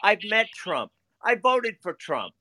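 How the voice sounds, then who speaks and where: Heated male debate host, bright and lively, profane, talks over people. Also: high-pitched, takes it slowly, slight background noise.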